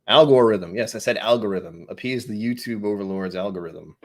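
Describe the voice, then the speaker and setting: A man's voice: on the low side, a little fast, a little mellow. A man with a New England accent hosting a whiskey live stream, chatting, easily distracted and joking at his own expense. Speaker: whiskey channel host.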